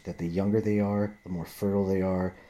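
A man's voice: low voice, level tone, fairly quick, warm tone. A man ranting in a profane, rambling monologue, often restarting and repeating himself.

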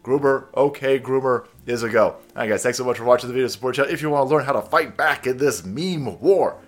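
A man's voice: mid-range voice, fast talker. A man hosting his own vlog, ranting in a profane and sarcastic way. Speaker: vlogger.

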